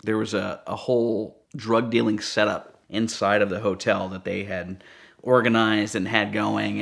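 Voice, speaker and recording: A man who works as a police dog handler, telling stories in a casual, animated, wry way and acting out the dialogue. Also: fairly low pitch, gravelly. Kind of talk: casual anecdotal storytelling.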